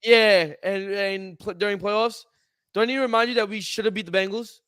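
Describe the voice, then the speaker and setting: A young man co-hosting a casual sports podcast, animated and teasing, ranting in quick bursts at his co-host. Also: high-pitched, clean tone, no room sound.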